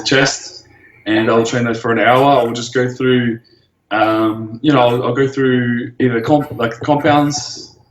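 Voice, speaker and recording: A laid-back young man in his twenties, talking casually as an interview guest. His voice carries an echo in the room, with a faint noise underneath. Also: medium pitch. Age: 20s. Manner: laid-back, swears casually, restarts often. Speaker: guest, bodybuilder.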